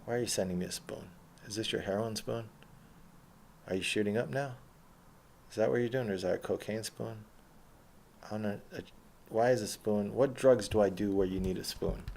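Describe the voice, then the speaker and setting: A young man delivering a profane, sarcastic, rambling rant to camera, swinging between loud outbursts and low mutters. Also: moderate pace, gravelly, pauses often. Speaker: vlogger. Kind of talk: ranting monologue to camera.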